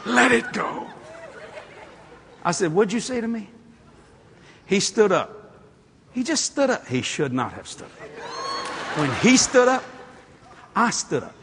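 A man preaching a sermon through a story, acting out the people in it and working up to loud shouts. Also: high-pitched, measured pace, pauses often, background noise. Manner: animated, acts out the people in his stories, climbs to shouting.

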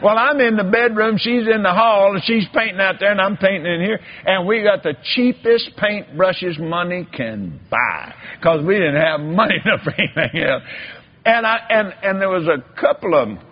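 A man with a high voice preaches a folksy sermon at normal speed, telling a story and slipping into repetitive, drawling preacherly emphasis. The sermon recording is dull and lo-fi.

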